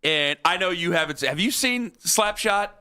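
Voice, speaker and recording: Bright, animated sports radio host. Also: male voice, high-pitched, normal speed, clear, resonant tone. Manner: animated storyteller, acts out both sides of conversations. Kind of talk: casual sports talk radio chat.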